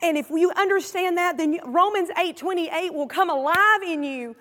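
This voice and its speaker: A woman's voice: extremely high pitch, normal speed, hardly any pauses, bright, forceful tone, long reverb tail. A woman with a Southern US accent preaching a sermon with passion, drawing responses from her congregation. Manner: impassioned, emphatic, repeats phrases for effect; calls out to the congregation, asks for responses.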